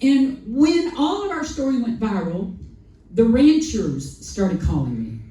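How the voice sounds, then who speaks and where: Lady on a panel, dark mellow voice, boomy hall, mic kinda far away. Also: slow pace. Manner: lively, acts out quoted dialogue, repeats key lines for emphasis. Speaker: sanctuary founder on a festival panel. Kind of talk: animated personal storytelling to an audience.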